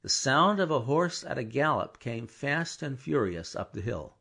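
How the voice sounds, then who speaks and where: Brief: expressive male audiobook narrator, bright tone with rough grain. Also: mid-range voice, measured pace. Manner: expressive storytelling. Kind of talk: scripted narration.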